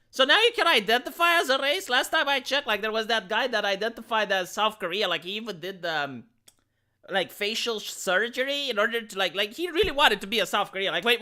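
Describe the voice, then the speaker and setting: Lively bright-voiced man commenting. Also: high voice. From Romania. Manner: animated, stammering restarts and many "like" fillers. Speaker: live streamer reacting to a video. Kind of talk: casual commentary.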